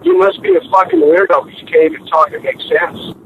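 A man's voice: high voice, huge pitch swings, fairly quick, phone-quality sound, a crowd in the background. A man who owns a business, angrily berating a prank caller on the phone and swearing constantly. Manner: angry, profane, berating. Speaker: business owner taking a call. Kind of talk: heated phone argument.

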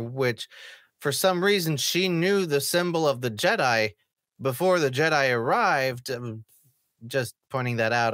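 A reviewer talks through an episode in a casual vlog style, sarcastic and mocking, with the odd swear word. The voice sits in a middle pitch. The sound is dry, with no room echo. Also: fairly bright tone.

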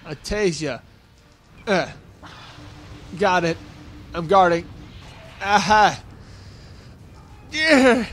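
A man's voice: sits high, animated, drawn-out words, long pauses, fairly bright tone, a little hiss or hum. A young man giving casual, jokey commentary while playing a video game, grunting and yelping when hit and talking back at the enemies. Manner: goofy, grunting and yelping at hits; jokey self-talk to the enemies. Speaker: let's play gamer.

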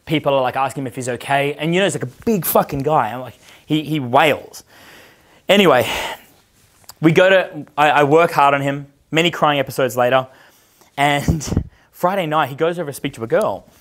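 A man's voice: fairly high pitch, moderate pace. A man in his thirties with an Australian accent, a dating coach telling a long casual story, swearing constantly and acting out the voices of the people in it. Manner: profane, animated, acts out quoted voices.

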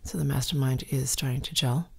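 Low gravelly woman, husky breathy voice, guided meditation talk, soft and slow. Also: fairly even intonation. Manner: soft, slow, often whispered delivery.

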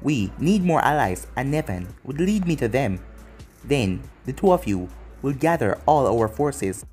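Casting: a blunt, cocky young ninja hero with a lively voice, read by a man. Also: mid-range voice, unhurried, faint music behind. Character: confident young male ninja with a reckless streak.

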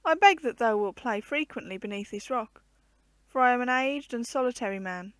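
A woman's voice: on the high side, lively intonation, moderate pace, dry recording, lightly acted. A woman voicing an aged, lonely, poor male hermit who clings to life, in solemn old-fashioned storybook speech.

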